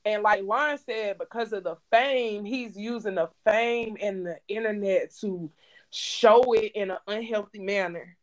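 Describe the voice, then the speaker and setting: A woman co-hosting a casual podcast chat, thoughtful and animated, often laughing. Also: mid-range voice, unhurried. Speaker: podcast co-host.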